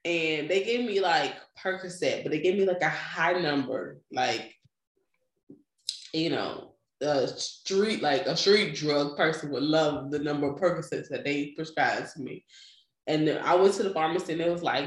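A young woman's somewhat low voice moves a little slowly through an animated, casual story. Laughter punctuates it, and she performs the quoted voices herself. The recording comes from an echoey room.

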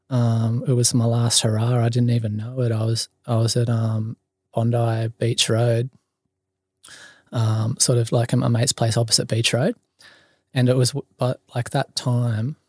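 A medium-pitched, slightly mellow and husky male voice is heard in clean studio quality with no room sound. An Australian podcast guest, he rambles through a long story in casual chat, packed with ums and likes and plenty of free swearing.

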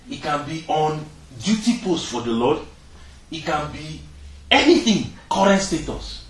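A man preaching a sermon to young people, acting out little dialogues and laughing now and then. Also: fairly high pitch. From Nigeria. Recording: echoey room, heard from a distance, noisy.

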